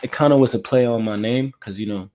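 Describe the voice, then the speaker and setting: A man from Florida, a music artist interviewed as a guest, telling his own story in a reflective, measured and candid way. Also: mid-range voice, dark tone.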